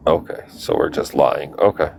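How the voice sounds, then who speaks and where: A man with a very low voice talks on a livestream panel. He is hesitant and questioning, trips over his words as he starts, and a faint hiss sits behind him. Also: moderate pace, vocal fry, darkish tone.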